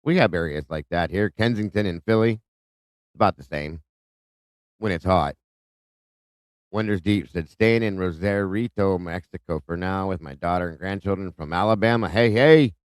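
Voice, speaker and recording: Broadcasting live from his Ohio home, a man in a low, smooth voice greets his viewers by name and reads their comments aloud in a casual manner. He speaks at normal speed, and the recording is dry.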